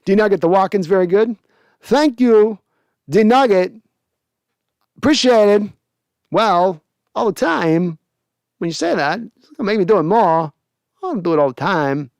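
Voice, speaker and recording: Guy hosting a sports podcast, fairly high voice, chatty, dry close mic. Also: lively intonation, moderate pace, long pauses, darkish tone, smooth, no room sound. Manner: chatty, laughs often, reads comments aloud. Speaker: podcast host. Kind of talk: casual live-stream chat reading viewer comments.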